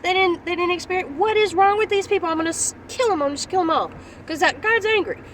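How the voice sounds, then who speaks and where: A woman preacher puts on God in a fury, high-pitched and indignant, the voice climbing well above her usual talk. It is heard from a distance outdoors, with a faint hum of noise behind. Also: fast talker, a bit bright. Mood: angry. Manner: indignant, rising outburst. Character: angry, exasperated God threatening his people.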